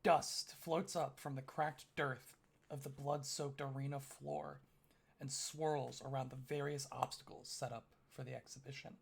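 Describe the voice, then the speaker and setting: A man running a tabletop game as game master, narrating scenes slowly and dramatically. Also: medium pitch, little pitch movement, creaky, breathy edge.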